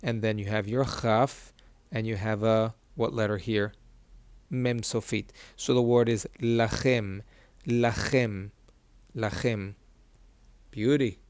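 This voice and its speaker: A man teaching a reading lesson at a board, patiently repeating each syllable slowly. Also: on the low side, flat delivery, darkish tone, smooth, no room sound. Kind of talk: whiteboard lesson.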